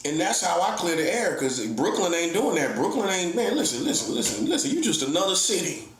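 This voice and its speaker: A man's voice: sits high, sing-song, brisk, fairly bright tone. Combative preaching man in an echoey room. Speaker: self-styled prophet. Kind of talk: heated online monologue.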